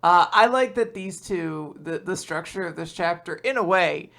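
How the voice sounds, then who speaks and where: Chatty podcast cohost, lots of vocal fry, bright tone, rambly and laughing. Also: mid-range voice, normal speed. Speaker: podcast co-host. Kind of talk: casual podcast chat.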